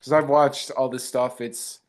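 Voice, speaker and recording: A man's voice: medium pitch, little pitch movement, a little slow. Modest male actor in casual chat. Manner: modest, retells encounters with quoted dialogue. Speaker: actor guest.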